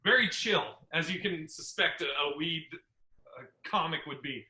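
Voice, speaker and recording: High, bright-voiced comedian host, roomy sound. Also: male voice, normal speed. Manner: profane, animated, acts out other people's lines. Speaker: podcast host and stand-up comedian. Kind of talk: casual storytelling chat. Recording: roomy echo.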